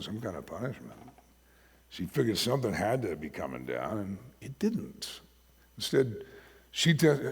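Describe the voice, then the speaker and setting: Gravelly pastor preaching in a reverberant hall. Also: male voice, on the low side. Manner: storytelling, swings from hushed to emphatic. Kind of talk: sermon. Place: church sanctuary.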